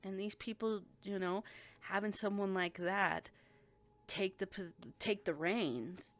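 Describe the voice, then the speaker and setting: A woman's voice: mid-range voice, slow pace. A woman giving a blunt, profane intuitive reading, talking emphatically as she reads the energy of the people involved. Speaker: spiritual reader.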